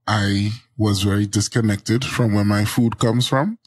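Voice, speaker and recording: A man from Trinidad, a guest on an interview podcast who explains things at length in a steady, drony voice. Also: fairly low pitch, measured pace, husky, no echo. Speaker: guest, agricultural journalist. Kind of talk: casual interview.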